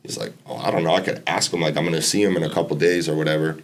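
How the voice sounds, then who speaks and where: This podcast guest, a college basketball player in his twenties from Massachusetts, has a rumbling low voice and a steady tone while he races along. His long, relaxed story is full of fillers and lines of quoted dialogue.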